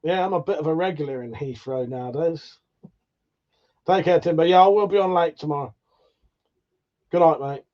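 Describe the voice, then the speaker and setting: A man's voice: fairly high pitch, normal speed, pauses often. A man hosting a casual livestream, chatting and reading out viewer comments in a tired, swearing, easygoing manner. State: tired, yawning. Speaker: livestream host. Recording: dull lo-fi stream audio.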